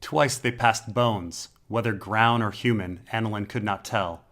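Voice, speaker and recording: Low-pitched male narrator, measured and dramatic, for a dark fantasy audiobook.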